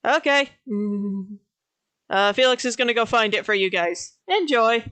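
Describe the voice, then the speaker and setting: A woman's voice: on the high side, expressive, a little slow, a bit bright, no echo. A woman streamer chatting casually and laughing often.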